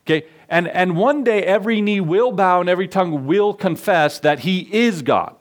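A man's voice: high voice, moderate pace. A man preaching a sermon in a church, telling stories and acting out the people in them. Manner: animated storytelling preacher, acts out voices. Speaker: pastor. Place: church sanctuary.

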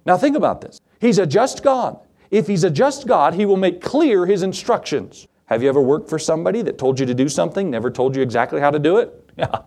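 A man preaching a sermon to his congregation, animated, acting out Bible scenes in quoted voices. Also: on the high side, brisk. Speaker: pastor.

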